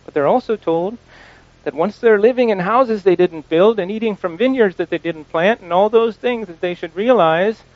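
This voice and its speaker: A man preaching an informal sermon, halting often, repeating words and restarting, and slowing down to stress quoted scripture. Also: high voice, no echo, muffled recording.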